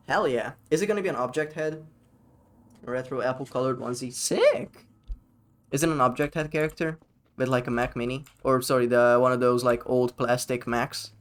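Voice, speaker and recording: A man's voice: medium pitch, clear, resonant tone. A man live-streaming a game, chatting casually with his chat, rambling and swearing freely.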